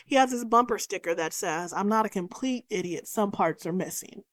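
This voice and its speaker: A young woman recapping a horror movie in a casual, profane, animated way, swearing freely and going off on tangents. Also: mid-range voice, moderate pace, no room sound.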